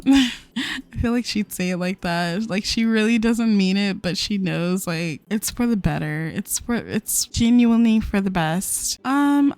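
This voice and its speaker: A chatty woman talks over her gameplay, speaking into a desk mic in a dry, close room. Her voice sits at a middle pitch for a woman. She jumps in and out of little voices for the characters she is playing. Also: fairly bright tone, clear, resonant tone, no echo. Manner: chatty, voices the characters herself, giggly asides. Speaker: gameplay host. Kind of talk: casual let's-play commentary. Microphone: desk microphone.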